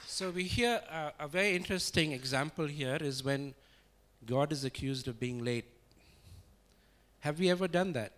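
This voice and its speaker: A man preaching in a conversational, relaxed way, chuckling and searching for words as he talks. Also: a little high, normal speed, slight background noise. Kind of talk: conversational sermon.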